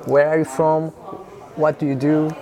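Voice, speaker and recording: A man's voice: on the high side, flat delivery, normal speed, dark tone. A man hosting an interview who asks questions hesitantly and repeats words.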